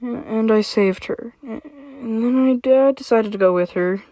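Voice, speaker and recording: A woman's voice: on the high side, moderate pace, warm tone, no echo, close to an everyday voice. Woman reading as Vex, a stammering fox-tailed young man. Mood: eager. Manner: stammering, sighing. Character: young male fox-tailed stranger, grumpy then eager.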